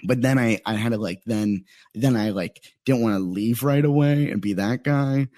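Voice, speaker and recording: A man's voice: mid-range voice, normal speed, a little mellow, dry recording. A young adult man from Phoenix, a stand-up comedian telling a story in casual chat, rambling with many fillers. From Phoenix, Arizona. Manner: rambling, lots of "like" fillers and quoted asides.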